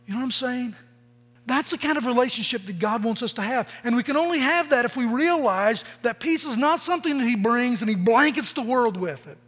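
In a church sanctuary with the long reverb of a large hall, a middle-aged pastor preaches conversationally, telling stories and acting out the quoted voices. His voice is very high-pitched, expressive, brisk and a bit bright.

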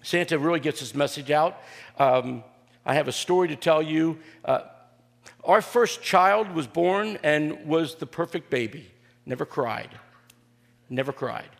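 An older male pastor with a slightly high voice delivers a homespun sermon full of humor and filler pauses. His voice rings with the long reverb of a large hall. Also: lively intonation, gravelly. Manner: folksy and joking, with frequent "uh" fillers. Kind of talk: sermon with personal storytelling.

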